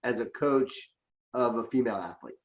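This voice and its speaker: A man's voice: medium pitch, normal speed, lo-fi sound. A man interviewing a guest, asking brief, encouraging questions.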